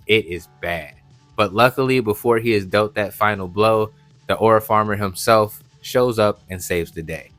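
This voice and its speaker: A man's voice: lowish voice, normal speed, a bit bright, no echo, faint music behind. Slangy, joking male anime reviewer. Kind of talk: casual recap commentary.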